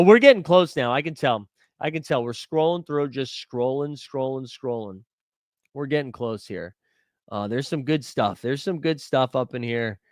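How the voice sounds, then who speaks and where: A man's voice: medium pitch, no room sound, studio quality. A young man hosting a live stream, rambling casually and joking with his chat as he searches for something. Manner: rambling, jokey, talks to chat while searching. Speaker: livestream host.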